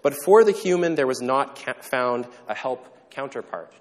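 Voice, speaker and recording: A male pastor delivers his sermon in an easygoing, conversational way, breaking off for jokes and quick questions to the room. His voice sits at an ordinary middle pitch. It carries a long reverb, as if it were recorded in a large church sanctuary. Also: lively intonation. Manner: casual and joking, with quick asides and questions to the congregation.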